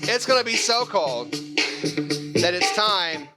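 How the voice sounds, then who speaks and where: A man's voice: high voice, very animated, slow, loud music behind the voice. A man hosting a fan call-in show in a playful, hammy, jokey manner. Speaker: host.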